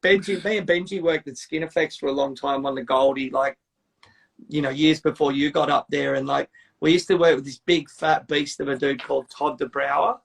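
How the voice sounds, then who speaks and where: Gravelly host, casual and sweary. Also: male voice, a little high, fairly even intonation, brisk. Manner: rambling, swears freely, tells stories with quoted voices. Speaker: podcast host. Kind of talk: casual chat.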